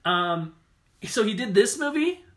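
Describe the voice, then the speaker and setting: A man co-hosting a laid-back film podcast, his voice bright and forward. He rambles, doubling back on words as he works out what he means. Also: high-pitched, sing-song, unhurried. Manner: rambling, repeats words while thinking. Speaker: podcast co-host. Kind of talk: casual movie-review chat.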